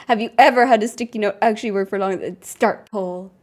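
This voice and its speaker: A woman's voice: fairly high pitch, quick pace, few pauses, darkish tone. A woman game streamer chatting casually to her viewers, scatterbrained and laughing often as she thanks members. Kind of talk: casual live-stream chat.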